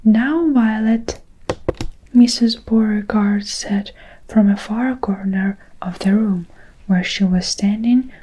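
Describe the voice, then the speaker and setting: A woman reading a children's story aloud in a soft, unhurried whispered role-play. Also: medium pitch, steady tone, slight background noise, low-quality recording.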